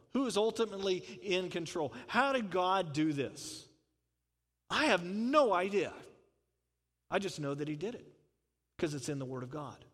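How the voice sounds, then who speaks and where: High-voiced pastor preaching in a hall. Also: male voice, fairly bright tone. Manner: conversational preaching with asides and rhetorical questions. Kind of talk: sermon.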